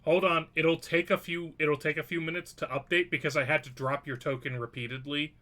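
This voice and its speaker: A man's voice: fairly high pitch, fairly even intonation, a little fast, sharp tone. A man acting as game master, joking and hedging as he runs a tabletop game online, swearing now and then.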